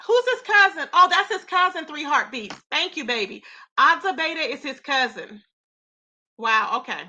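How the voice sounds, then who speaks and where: A woman's voice: high-pitched, animated, normal speed, pushed and bright. A woman hosting a live gossip commentary stream, reacting with incredulous rhetorical questions and greeting her chat. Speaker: commentary channel host.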